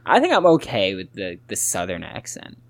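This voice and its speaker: Young podcast co-host, low voice, dry close mic, lively. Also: male voice, normal speed, vocal fry, no room sound. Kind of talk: casual sports chat.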